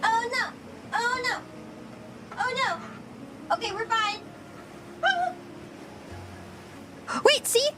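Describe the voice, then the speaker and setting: A woman's voice: very high voice, expressive, drawn-out words, pauses often, pushed and bright, a little hiss or hum. A woman streaming herself cooking, chatting flustered and giggly to her viewers. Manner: giggly, flustered, talks to chat while cooking. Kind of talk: casual livestream chat.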